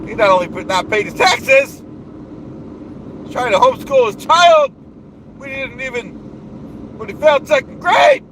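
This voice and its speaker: Man doing a bombastic, self-important male streamer persona; lively, leaping delivery, noisy car recording. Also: moderate pace, long pauses, full character voice. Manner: grandiose, shouting rants with sudden pitch leaps. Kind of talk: live stream parody rant.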